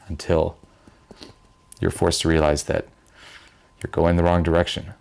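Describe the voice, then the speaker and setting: A young man giving blunt, profane self-help advice, mimicking panicked voices in a higher pitch. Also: level tone, unhurried, gravelly, darkish tone, smooth. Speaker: vlogger giving life advice. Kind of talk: direct-to-camera self-help talk.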